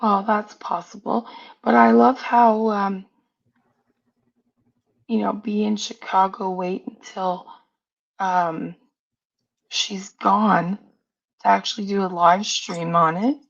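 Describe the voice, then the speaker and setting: Outspoken woman streamer, gravelly voice, dull lo-fi call sound. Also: medium pitch, steady tone, slow, pauses often. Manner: blunt, outspoken. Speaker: livestream host. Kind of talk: casual livestream chat.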